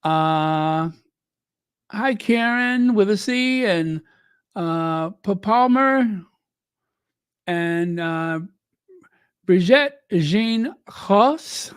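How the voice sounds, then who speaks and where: Slow unhurried stream host, reads out viewer names, dry close sound. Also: mid-range voice, expressive, clear, resonant tone, no room sound. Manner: chatty, greets viewers by name. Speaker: livestream host. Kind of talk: casual livestream chat.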